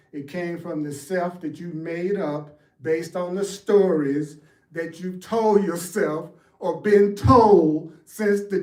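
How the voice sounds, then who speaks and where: A man's voice: high voice, a little mellow, far from the mic. A man giving a spiritual teaching talk, emphatic and repetitive, calling out to his audience to answer back. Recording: echoey room, voice from off-mic.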